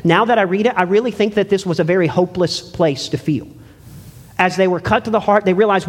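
A man preaching a sermon in a church, earnest and pleading, swinging between loud emphasis and hushed words. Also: high-pitched, quick pace. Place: church sanctuary. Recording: long hall reverb.

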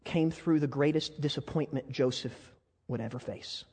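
A man's voice: mid-range voice, moderate pace, a little mellow, slightly rough. A male pastor preaching a sermon, earnest and building to fervent appeals with many rhetorical questions. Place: church hall. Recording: long hall reverb.

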